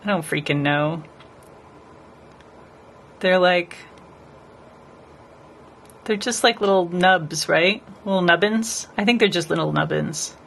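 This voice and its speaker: A woman's voice: fairly low pitch, slow pace, gravelly, long pauses, a bit bright. A woman nail artist chatting casually with her live stream viewers as she paints, rambling and talking to the chat.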